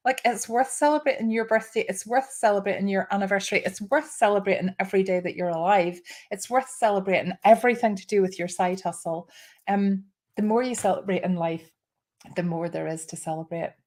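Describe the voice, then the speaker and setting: A woman's voice: medium pitch, a little mellow. A woman in her fifties hosting a live show, chatting casually and getting emotional, with restarts and small laughs. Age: 50s. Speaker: host.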